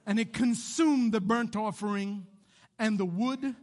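A man pastor preaching a sermon, swinging between loud animated bursts and hushed quiet passages. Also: high voice, a little slow.

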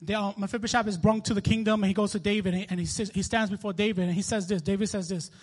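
A man's voice: high voice, steady tone, racing. A man in his twenties with a New York accent, giving a casual, conversational sermon with frequent restarts and laughter. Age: 20s. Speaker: minister.

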